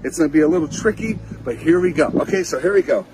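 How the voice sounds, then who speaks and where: A man's voice: fairly high pitch, animated, fast, background noise. A man who speaks at school assemblies telling a personal story to kids in a heartfelt, encouraging way, acting out the quoted lines. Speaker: motivational speaker.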